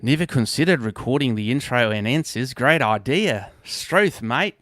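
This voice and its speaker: A man's voice: medium pitch, lively intonation, moderate pace, fairly bright tone, no echo, clean studio sound, natural voice. A man voicing a cheerful, stereotyped Australian man in an exaggerated put-on Australian accent. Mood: jokey. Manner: exaggerated, playful.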